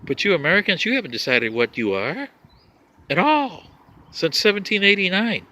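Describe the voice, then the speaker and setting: Man for a rambling vlog rant, lecturing tone, raised pitch, very lively delivery. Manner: lecturing, animated, with scoffing asides. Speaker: vlogger. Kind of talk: rambling monologue addressing humans as an outsider.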